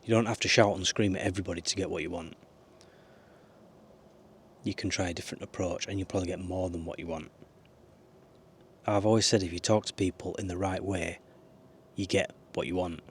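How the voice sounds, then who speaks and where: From a small camper van, a vlogger talks briskly to camera with long pauses, his low voice holding a steady tone over a little hiss or hum. His life advice rambles, stays earnest, and includes the odd swear word.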